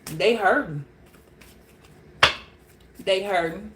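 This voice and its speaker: A woman giving a casual tarot reading, blunt and profane, animated and laughing often. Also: medium pitch, very slow, background noise. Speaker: tarot reader.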